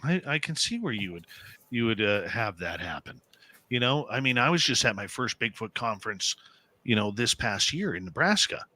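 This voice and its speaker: A man's voice: medium pitch, sing-song, moderate pace, sharp tone. A man hosting a radio interview, talking in an earnest, slightly hesitant way. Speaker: radio show host. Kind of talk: casual interview talk.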